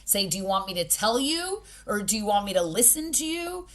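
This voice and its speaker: A woman's voice: medium pitch, sing-song, brisk. A woman being interviewed as a podcast guest. She speaks directly and pragmatically, with emphasis, and acts out the people she quotes. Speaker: podcast guest, boxing gym owner. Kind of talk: conversational interview.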